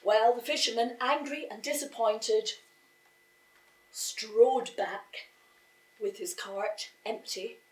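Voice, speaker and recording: A woman telling a folk tale to a live audience, slow and expressive, voicing the characters as she goes. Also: on the high side. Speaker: storyteller. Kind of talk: live oral storytelling. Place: live storytelling event. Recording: echoey room, voice from far off.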